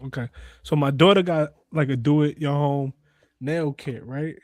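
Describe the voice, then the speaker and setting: A man's voice: on the high side, steady tone, moderate pace, dry recording, studio quality. A young man co-hosting a casual podcast, joking in slangy talk and addressing the chat. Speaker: podcast co-host.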